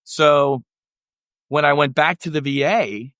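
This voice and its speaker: A man's voice: on the high side, slow pace, a bit bright, no room sound, clean studio sound. A middle-aged man, a military veteran guest on a podcast, telling a candid personal story in a rambling way, restarting often and acting out the voices of people he quotes.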